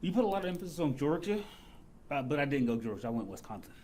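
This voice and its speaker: A man's voice: a little high, big pitch swings, fast, darkish tone, a little hiss or hum. A man answering quiz questions in a laid-back, self-deprecating way. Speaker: guest contestant. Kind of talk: casual banter.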